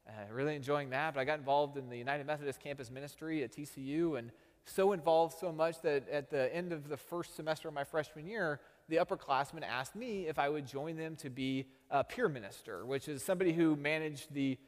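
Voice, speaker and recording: A man's voice: on the high side, fairly quick, long reverb tail. A man from Texas, a pastor telling a story in a sermon with self-deprecating humor.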